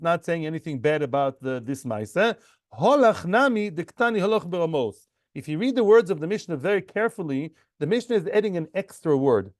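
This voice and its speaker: A man teaching a Talmud lesson in English, lively and acting out the people in the case, with Hebrew and Aramaic terms mixed in. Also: sits high, no echo, studio quality. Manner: animated, acts out the characters in the case. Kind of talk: Talmud lecture.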